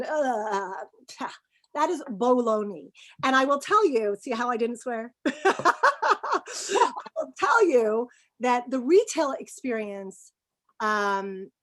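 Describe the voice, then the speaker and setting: A middle-aged woman speaking as an interview guest, giving business advice in an emphatic, animated way, laughing often and acting out quoted dialogue. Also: a little high. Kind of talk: candid conversational interview.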